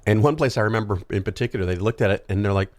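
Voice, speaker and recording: A man's voice: fairly low pitch, very fast, no echo. A male podcast host talking through a casual solo monologue, rambling and conversational with frequent ums and asides.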